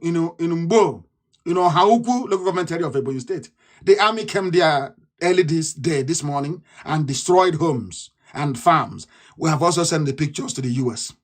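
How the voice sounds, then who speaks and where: A fiery Nigerian radio broadcaster with a bright voice and Nigerian English accent delivers an impassioned political radio address. His manner is scornful, swinging from shouts down to low mutters.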